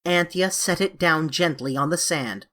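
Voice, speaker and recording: A woman narrating a classic children's novel as an audiobook, in a measured, expressive storytelling manner. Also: low-pitched.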